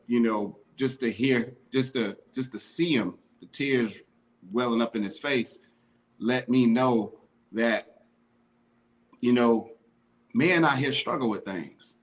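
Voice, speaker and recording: A man's voice: medium pitch, slow. A man co-hosting a podcast, talking in a heartfelt, slangy, casual way. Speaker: podcast co-host.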